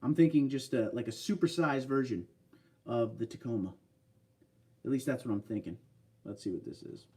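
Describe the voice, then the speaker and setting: A man's voice: medium pitch, moderate pace, long pauses, mellow, distant mic. A man hosting a casual livestream, chatting loosely and answering viewer comments. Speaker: livestream host. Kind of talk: casual live stream chat.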